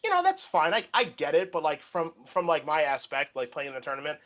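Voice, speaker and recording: A man's voice: fairly high pitch, huge pitch swings, brisk, fairly bright tone. A young man co-hosting a casual chat, telling rambling anecdotes packed with filler words. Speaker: podcast co-host.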